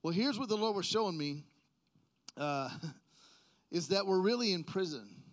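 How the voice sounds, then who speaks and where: A man's voice: high-pitched, animated, measured pace. A middle-aged male pastor preaching a sermon in a church, conversational and self-deprecating, joking with the congregation.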